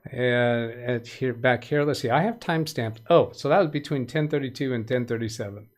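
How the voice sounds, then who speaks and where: A man's voice: medium pitch, normal speed. Chatty man hosting a live stream. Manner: chatty, greets viewers by name, light punning. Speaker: livestream tech help host. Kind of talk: casual live stream chat.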